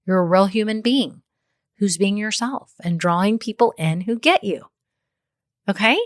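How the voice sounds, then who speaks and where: A woman's voice: medium pitch, normal speed, no room sound, studio quality. A woman hosting a podcast and giving business advice in a chatty way, often checking in with "okay?" and "right?". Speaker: podcast host. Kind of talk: solo business advice talk.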